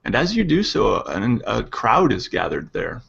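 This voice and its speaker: A man narrating as game master, halting and full of ums and restarts. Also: fairly low pitch, huge pitch swings, creaky, a bit bright, slightly rough, highs cut off. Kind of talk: narrating a tabletop game over a call.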